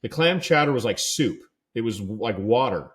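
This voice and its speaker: A man's voice: medium pitch, expressive, normal speed, fairly bright tone. A young man from California, co-hosting a podcast, telling a rambling casual story full of "like" and "dude". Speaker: podcast co-host.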